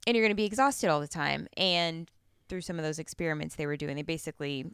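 A woman with a slightly low, smooth and clear voice, chatting casually as a co-host. She rambles, laughs easily and loses her train of thought. The sound is close and dry. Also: fast, a bit bright, dry recording. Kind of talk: casual chat.

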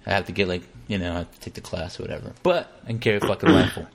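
A man talking casually as a podcast host, animated and profane, acting out quotes in exaggerated voices. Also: low voice, racing, gravelly. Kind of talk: casual conversational commentary.

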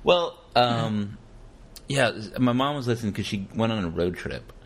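This man hosts a podcast, his pitch a little low but rising and falling with lots of life. He jokes around in easy conversation and laughs often. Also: unhurried. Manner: joking, animated, laughs often. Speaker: podcast host. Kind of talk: casual podcast chat.

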